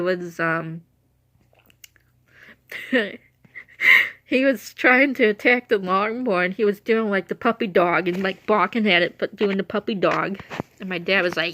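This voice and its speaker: A woman's voice: mid-range voice, a bit bright, no room sound. A woman telling rambling, laughing stories in casual chat, with a runny nose and a cough. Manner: chatty, meandering, laughs often. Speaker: vlogger telling stories about her late dog.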